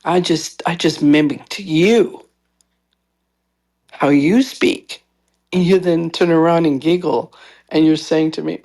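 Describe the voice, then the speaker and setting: A woman with a low, gravelly voice trades stories on a casual podcast chat. Her tone carries a husky edge. She slips into the voices of the people in her story as she talks. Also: slow, long pauses. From Latin American heritage. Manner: animated storyteller who acts out other people's voices. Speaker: podcast co-host.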